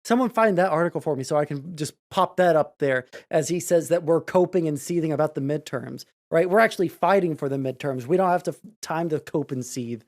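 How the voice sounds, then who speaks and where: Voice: mid-range voice, fairly quick, hardly any pauses. Sarcastic, swearing live-stream commentator. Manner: sarcastic, swears often, loud outbursts. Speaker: streamer reacting to news.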